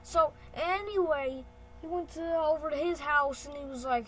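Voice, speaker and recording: A woman's voice: high voice, moderate pace, poor audio. A woman giving rambling, playful commentary while using a computer, correcting herself as she goes. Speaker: channel host. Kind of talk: casual screen-recording commentary. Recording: keyboard and mouse clicks behind. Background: typing and clicking.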